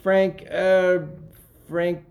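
An actor playing a scheming man who covers up with quick excuses in a comedic radio play. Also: sits high, monotone, a little mellow. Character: scheming male fugitive covering up lies.

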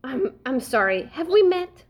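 A woman's voice: sits high, sing-song, unhurried. A woman doing a dim, bewildered young man. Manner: bewildered, naive. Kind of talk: play read-through.

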